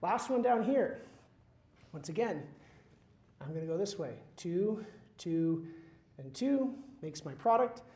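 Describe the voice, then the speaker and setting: A man's voice: high voice, animated, takes it slowly, long pauses, warm tone. Man lecturing in a roomy hall. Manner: quizzes the class, wry asides. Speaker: chemistry lecturer. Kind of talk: university lecture.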